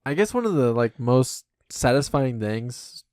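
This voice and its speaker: A man's voice: medium pitch, sing-song, unhurried, darkish tone, dry recording. Joking male podcast co-host, dry sound. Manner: joking, playful, riffing. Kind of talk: casual comedic chat.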